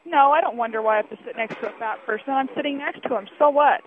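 A woman's voice: high-pitched, fast. A woman calling in to a radio show, blunt and stammering, heard over a noisy, tinny phone line. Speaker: caller. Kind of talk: call-in radio chat.

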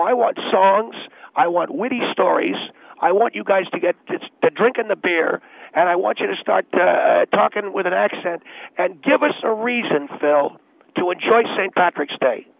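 A high, gravelly, husky voice of a bossy middle-aged station boss, put on by a man, barking orders with impatient pushiness. It comes through a thin, tinny phone line that sounds boxed-in and dry. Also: no room sound, exaggerated voice. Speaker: radio station boss calling in.

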